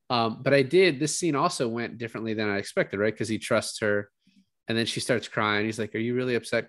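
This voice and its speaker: Male co-host, lowish voice, animated casual recap, dry close sound. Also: no echo. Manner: animated retelling, acts out quotes, swears freely. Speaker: podcast co-host. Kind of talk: casual movie review chat.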